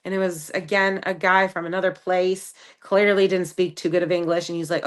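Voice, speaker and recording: Woman in her 30s, podcast host, low-pitched, frank and chatty solo talk. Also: flat delivery, fairly quick, hardly any pauses, clear, resonant tone. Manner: candid, chatty advice-giving with frequent fillers. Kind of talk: casual solo podcast monologue.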